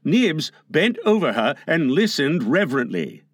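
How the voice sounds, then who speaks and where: A man reading a children's novel aloud as an audiobook narrator, with expressive delivery. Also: on the high side, a little slow, no room sound, studio quality.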